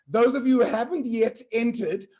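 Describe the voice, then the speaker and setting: A man hosting a virtual conference, telling jokes with lively acted-out voices and shouted punchlines. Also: very high-pitched, normal speed. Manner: animated, shouts punchlines and acts out characters.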